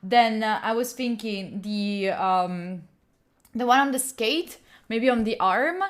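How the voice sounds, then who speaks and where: A woman's voice: on the high side, slow. A woman whose first language is Italian, chatting casually and playfully to her stream viewers, rambling and laughing at herself. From Italy. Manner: rambling, playful, self-mocking, laughs often. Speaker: study streamer. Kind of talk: casual live-stream chat.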